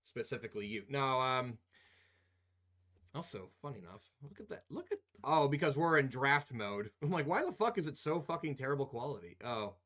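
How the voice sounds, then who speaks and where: Lively, joking male streamer. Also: mid-range voice, moderate pace. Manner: rambling, profane and joking, often breaks into laughter. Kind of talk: casual live-stream chat while editing video.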